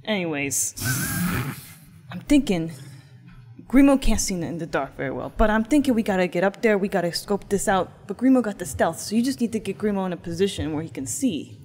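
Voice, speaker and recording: A woman's voice: mid-range voice, lively intonation, fairly quick, darkish tone, in a large hall. Playful woman plotting in a tabletop game. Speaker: player. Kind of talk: tabletop role-play.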